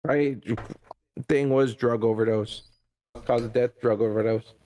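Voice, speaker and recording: A man co-hosting a reaction stream, chatting casually with jokey, deadpan asides. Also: medium pitch, a little slow. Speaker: stream co-host.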